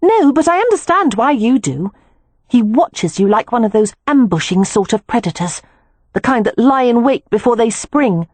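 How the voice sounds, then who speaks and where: A woman's voice: fairly high pitch, animated, moderate pace, a little mellow, dry recording, pitched above the performer's own voice. A woman reading an audiobook, voicing an earnest, matter-of-fact young woman who loves animals.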